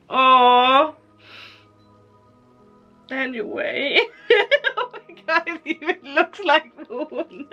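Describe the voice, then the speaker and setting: Slow-talking, giggly woman vlogger. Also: high-pitched, sharp tone, dull audio. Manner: giggly, tearful and gushing. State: crying happily. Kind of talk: emotional gift unboxing vlog.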